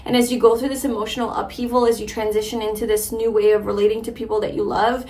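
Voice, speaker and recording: A woman's voice: on the high side, flat delivery, fast talker. A young woman giving a casual tarot reading to a viewer, chatty and full of filler words. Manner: chatty, warm-hearted, lots of filler likes and ums. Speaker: tarot reader.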